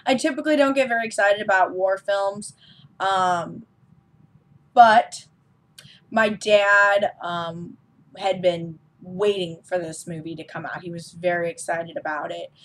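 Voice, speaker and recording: A woman's voice: lowish voice, steady tone, measured pace, fairly bright tone. A woman giving a casual, enthusiastic film review as a vlog host, with frequent ums.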